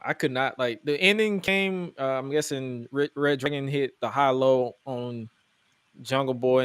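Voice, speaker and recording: A man's voice: mid-range voice, smooth, no echo. A man hosting a podcast, recapping wrestling in a casual, joking, incredulous way. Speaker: podcast host.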